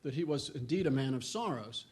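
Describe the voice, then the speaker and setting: A man's voice: medium pitch, animated, brisk, a little mellow, breathy edge. A middle-aged man giving a history lecture, earnest, with frequent restarts and a lift in voice when reading quotations. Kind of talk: public lecture.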